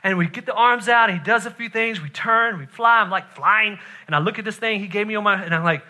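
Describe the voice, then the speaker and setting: A man preaches a sermon in a high, piercingly bright voice. He tells his story animatedly, laughs often and keeps checking in with "right?", and he sinks to a hushed, intense delivery for the serious points. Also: fairly quick, few pauses.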